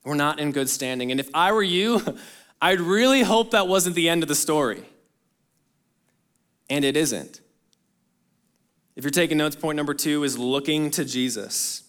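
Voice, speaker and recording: A man preaching a sermon to his congregation, speaking earnestly and directly to them, rising to emphatic bursts and then dropping soft and low. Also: expressive, moderate pace, pauses often. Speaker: pastor.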